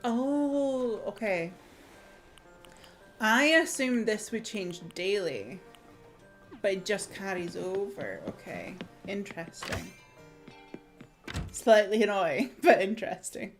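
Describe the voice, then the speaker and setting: A woman's voice: mid-range voice, lively intonation, takes it slowly, pauses often, faint music behind. A woman livestreaming a game, chatting casually, reacting aloud and laughing easily. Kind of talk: casual gameplay commentary.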